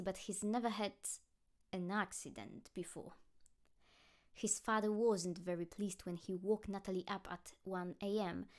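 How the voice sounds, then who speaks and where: A woman's voice: mid-range voice, a little mellow. Woman reading fan fiction aloud.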